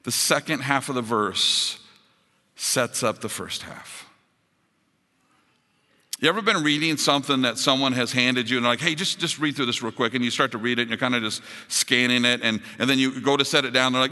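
A man preaching a sermon as pastor, building to emphatic high points and dropping to soft, quiet appeals. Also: moderate pace, big-room sound. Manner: rises to emphatic peaks, drops to soft closing appeals.

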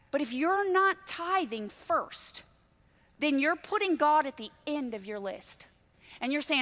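A woman pastor, preaching with animated storytelling and dramatic swings from loud to hushed. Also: high voice. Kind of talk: sermon.

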